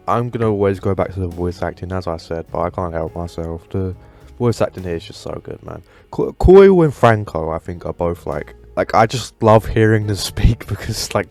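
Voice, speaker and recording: A man's voice: deep voice, darkish tone. A man hosting a casual commentary video, enthusiastic and rambling, with lots of fillers. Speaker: gaming video host.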